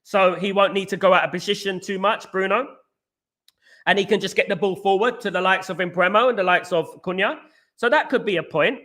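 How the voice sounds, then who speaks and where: A man hosting a live chat, reading out viewer names and answering them in a rush. His voice sits high and bright, and he races ahead, stacking restarts and "you know" as he goes. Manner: talks fast and excitedly, many restarts, says mate. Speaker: show host reading viewer comments. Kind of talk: fast casual live chat.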